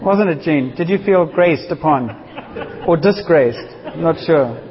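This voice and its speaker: A man's voice: on the high side, lively intonation, a little slow. Man preaching in an echoing hall. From South Africa. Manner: informal and joking, talks to the audience. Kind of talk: sermon. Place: church hall. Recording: dull reverberant hall.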